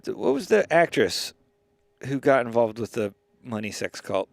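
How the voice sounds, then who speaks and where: A man hosting a podcast in casual comedic chat, excitable, profane and rambling. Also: mid-range voice, moderate pace, creaky, no room sound. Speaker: podcast host.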